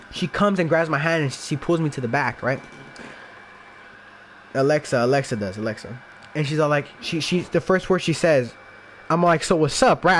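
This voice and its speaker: High-voiced young man telling a story. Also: fairly bright tone, a little hiss or hum. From Los Angeles area, USA. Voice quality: heavy filler "like", profane, rambling restarts. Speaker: podcast guest. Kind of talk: casual storytelling chat.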